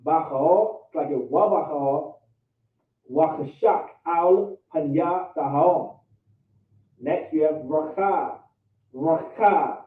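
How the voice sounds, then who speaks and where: A man teaching a class, drilling vocabulary and pronunciation by repeating each word again and again, with an American accent, over an online call. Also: fairly high pitch. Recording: tinny, echoey, distant call audio.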